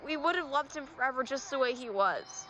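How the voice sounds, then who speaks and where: A gentle, sorrowful teenage fangirl, played by a woman with a high voice. Faint music sits under her lines. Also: expressive, brisk. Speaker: actress in a short film. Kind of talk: indie film acting.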